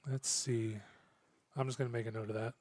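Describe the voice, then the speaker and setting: A man running a tabletop game as game master, narrating in a halting way full of fillers and restarts. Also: medium pitch, flat delivery, darkish tone, dry recording.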